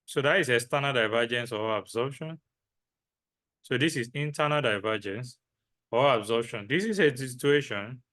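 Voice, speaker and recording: A man's voice: medium pitch, moderate pace, fairly bright tone. A man teaching a trading lesson, repeating key phrases and answering his own questions. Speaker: trading instructor. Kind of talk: lecture with repetition.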